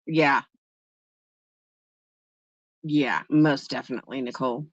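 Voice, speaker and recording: A woman hosts a livestream with an extremely low voice, speaking slowly. She's casual and chatty, telling stories and answering her viewers, and the recording is dry, muffled lo-fi with no room sound.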